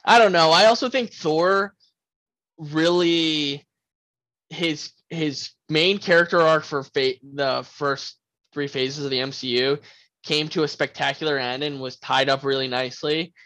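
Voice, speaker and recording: A man's voice: on the high side, unhurried, sharp tone, dry recording, low-quality recording. A young man hosting a podcast, chatting casually and animatedly about a film, swearing freely and acting out lines. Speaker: podcast host. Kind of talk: casual film review chat.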